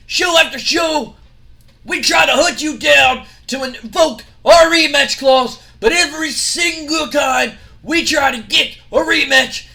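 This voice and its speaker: A man putting on a brash, boastful male wrestler who trash-talks in drawn-out shouts. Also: very high-pitched, gravelly, voice pushed up, heavily acted.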